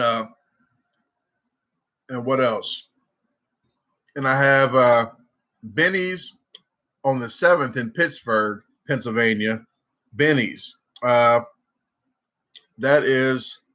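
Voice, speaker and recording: Bright-voiced Southern man rambling on a livestream. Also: mid-range voice. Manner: rambling, repeats and restarts, animated when quoting. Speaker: livestream host. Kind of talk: casual rambling storytelling. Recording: dull lo-fi livestream audio.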